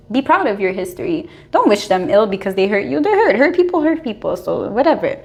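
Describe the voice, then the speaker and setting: A young adult woman talking casually as a tarot reader, animated and full of "like"s, often breaking into laughter. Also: medium pitch. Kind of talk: casual spiritual advice monologue.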